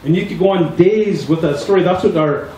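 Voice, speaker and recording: A man's voice: sits high, a little fast, mellow, a little hiss or hum. A middle-aged man from the Tsleil-Waututh Nation in Canada, a chief telling earnest stories to a gathering, with many repetitions. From Tsleil-Waututh Nation, British Columbia, Canada. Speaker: chief giving a speech. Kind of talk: spoken address to a gathering. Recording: echoey hall, distant mic, audience heard.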